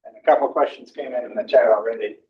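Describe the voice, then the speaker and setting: A man's voice: medium pitch, quick pace, distant mic, a little hiss or hum. Man reading questions, dull sound. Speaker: moderator.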